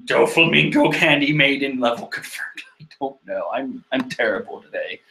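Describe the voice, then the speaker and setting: A man reading through a manga chapter in casual, rambling commentary, excitable and profane, laughing and trailing off as he goes. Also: medium pitch, moderate pace, vocal fry. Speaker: manga chapter reader and reactor.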